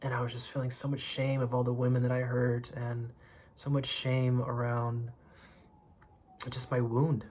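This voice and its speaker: Guy in his 30s, slow thoughtful confessional story, flat even voice, drops soft at times. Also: medium pitch. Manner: slow, reflective, drops to a whisper for quoted moments. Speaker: vlogger sharing a personal story.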